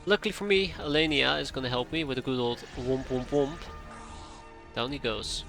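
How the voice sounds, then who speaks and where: A man's voice: mid-range voice, fairly even intonation, creaky, sharp tone. Chatty man narrating his gameplay. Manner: chatty, talks to himself while playing, quick asides. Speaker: game streamer. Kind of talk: casual live gameplay commentary. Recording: faint game music behind.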